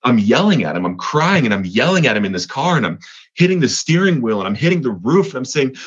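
A man's voice: mid-range voice, very animated, brisk, breathy edge, muffled recording. A man from Colorado, a podcast guest giving an earnest personal faith testimony, often restarting and repeating words.

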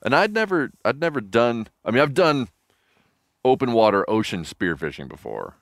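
A man's voice: medium pitch, big pitch swings, normal speed, no echo, studio quality. A man on a podcast in casual chat, enthusiastic and stumbling over restarts. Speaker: podcast guest.

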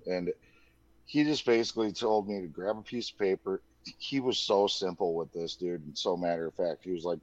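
A man's voice: low-pitched, moderate pace, darkish tone, no room sound. A man in his thirties telling his own story in a loose, candid way, full of "like" and "dude". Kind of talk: casual personal storytelling. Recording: dull lo-fi dry recording.

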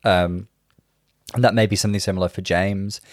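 Low, dry-voiced man musing. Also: fairly even intonation, no echo. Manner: thoughtful, measured, hedging with "I think". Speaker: podcast co-host. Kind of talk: casual chat.

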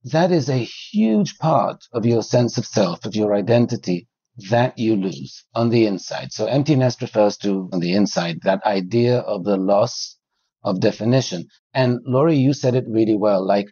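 A psychologist guest on a talk show, a man explaining his ideas in a calm, measured way. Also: lowish voice, slightly rough, no room sound, dull audio. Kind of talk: interview explanation.

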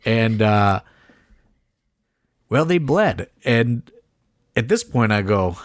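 Low-voiced man telling a rambling story. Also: big pitch swings, slow pace, pauses often, no room sound, studio quality. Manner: rambling and profane, heavy on "like" fillers, laughing through the story. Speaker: wrestling promoter and podcast co-host. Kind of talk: casual podcast storytelling.

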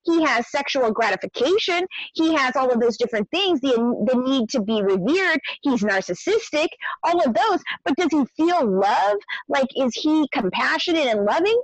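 A woman hosts a conversation and explains her views animatedly, with plenty of asides. Her voice is fairly high. The sound is dry and close. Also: sing-song, normal speed, few pauses, no room sound, rough recording. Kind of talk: conversational commentary.

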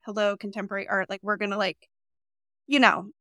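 A young woman hosting a casual interview, chatty and animated, peppering her talk with "like". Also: mid-range voice, a little fast, no echo, studio quality. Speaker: podcast host.

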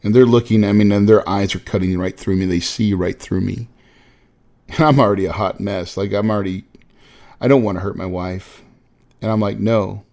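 A man's voice: fairly low pitch, steady tone, fairly quick, a little mellow. Earnest man in his forties, motivational talk. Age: 40s. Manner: earnest, emphatic, addresses listeners as guys. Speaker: real estate investor speaker.

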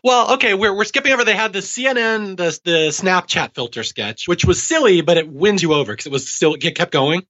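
A man's voice: sits high, lively intonation, fairly quick, few pauses, sharp tone. A man in his forties co-hosting a podcast, talking casually and eagerly, often laughing. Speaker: podcast co-host. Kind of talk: casual chat. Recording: dull lo-fi sound.

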